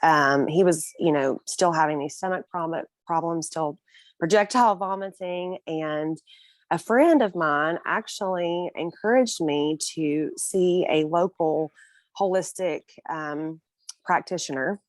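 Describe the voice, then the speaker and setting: A young woman, speaking unhurriedly in a low-sitting voice, shares her personal story as a guest in a relaxed interview, earnest and emotional, with small laughs sprinkled throughout. The audio is dry.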